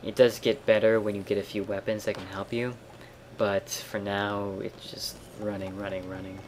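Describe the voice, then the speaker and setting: A man casually commenting on a video game as he plays, explaining in a relaxed way with wry asides. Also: fairly low pitch, normal speed, background noise. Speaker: let's play commentator. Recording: game audio with gunfire mixed under voice. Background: clear game sounds and gunfire.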